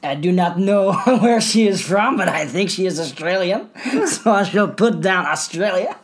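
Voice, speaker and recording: A woman's voice: lowish voice, normal speed, close to an everyday voice. A woman putting on a mock French accent to play a careless male trophy engraver who talks in a lazy, offhand way. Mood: smug.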